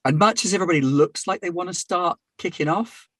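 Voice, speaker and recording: A man's voice: sits high, fast, fairly bright tone, dry recording. A man running a tabletop game as game master, narrating matter-of-factly with wry asides.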